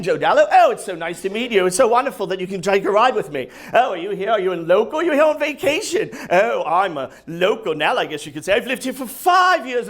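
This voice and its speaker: A man's voice: high voice, a bit bright. A comedian voicing a chatty male rideshare driver who fakes a British accent and gushes in an overly friendly, rambling way. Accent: put-on British. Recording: comedy club with audience laughter.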